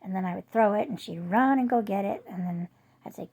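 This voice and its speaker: A woman, rambling through casual chat to her viewers with lots of fillers, her voice jumping high when she quotes herself. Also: brisk, gravelly, darkish tone, husky. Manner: rambling storyteller with many fillers. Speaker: vlogger.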